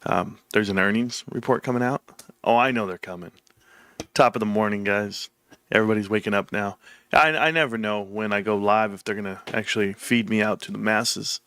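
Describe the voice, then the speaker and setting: A man's voice: on the low side, fairly quick, fairly bright tone, clean tone. A man hosting his own livestream, chatting casually and rambling through stories with laughs. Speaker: livestream host.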